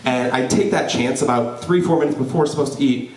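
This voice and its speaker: A young man telling a personal story live before an audience, lively and joking, with frequent "right?" asides to the crowd. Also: medium pitch, quick pace. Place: event hall before an audience. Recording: roomy hall, voice from a distance.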